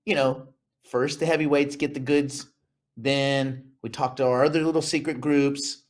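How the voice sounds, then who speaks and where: A man's voice: mid-range voice, steady tone, moderate pace. A man hosting a casual crypto talk show, joking and rambling between topics. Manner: joking, rambling, puts on mock voices. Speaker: host.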